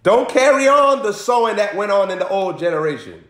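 A man preaching in a humorous, animated way, laughing often and making rhythmic sound effects. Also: high-pitched, brisk, echoey room. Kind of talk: humorous live-streamed preaching.

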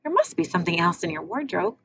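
A woman's voice: lowish voice, sing-song, fast. Woman doing a grumpy young boy. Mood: complaining. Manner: grumpy, defensive. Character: restless young boy, stubborn and easily annoyed. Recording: muffled with faint hiss.

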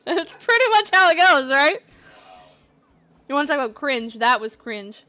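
A woman's voice: high-pitched, lively intonation, normal speed, pushed and bright. A woman hosting a gaming channel, chatting casually and playfully over gameplay with lots of giddy exclamations.

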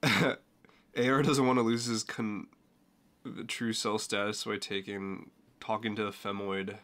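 A man's voice: fairly low pitch, little pitch movement, measured pace, a bit bright. A man hosting a casual live stream, joking with friends in a voice chat and reading viewer comments aloud. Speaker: streamer host.

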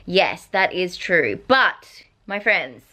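A woman's voice: on the low side, big pitch swings, takes it slowly, bright, forceful tone. A young Australian woman chatting casually to camera in a bubbly, giggly way from a small indoor room. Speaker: vlogger. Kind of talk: casual vlog chat.

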